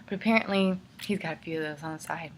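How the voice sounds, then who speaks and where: A young woman talks straight to her camera in a candid, rambling rant, as if writing a video letter to a friend. Her voice sits a little on the low side, and she often drops into hushed whispered asides. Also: quick pace, a little hiss or hum. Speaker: vlogger.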